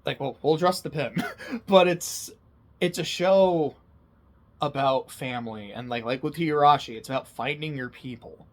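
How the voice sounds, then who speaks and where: Young male anime host, slightly high voice, emotional and laughing, casual, swears a lot. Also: moderate pace. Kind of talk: casual personal commentary.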